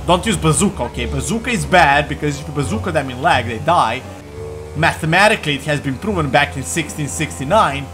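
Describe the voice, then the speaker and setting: Lively, excitable young man joking loudly. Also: a little high. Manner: crude, joking, excitable, often yelling. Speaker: gaming commentator. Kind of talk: comedic game commentary.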